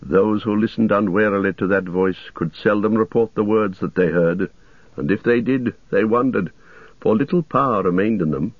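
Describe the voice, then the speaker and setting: A man reading a fantasy audiobook in a measured storytelling manner. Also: on the low side, no echo. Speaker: audiobook narrator. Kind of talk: scripted narration. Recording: dull lo-fi recording.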